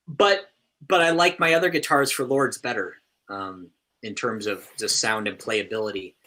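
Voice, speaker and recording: A man talks casually on a band's live stream, circling around his answer with restarts and "um"s. His voice is bright and forward, at an ordinary pitch. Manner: rambling, self-correcting, many fillers. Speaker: band member on a live stream. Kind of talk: casual chat.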